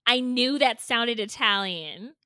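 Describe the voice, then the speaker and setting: A woman's voice: fairly high pitch, lively intonation, slow, sharp tone, no room sound. Woman co-host, casual banter, teasing and playful, close dry mic. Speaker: podcast co-host. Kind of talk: casual chat.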